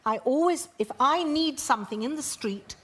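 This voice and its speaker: A woman's voice: sits high, lively intonation, moderate pace. Posh older woman, theatrical drawl. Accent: posh English. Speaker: talk show guest. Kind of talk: casual chat. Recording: studio with loud audience.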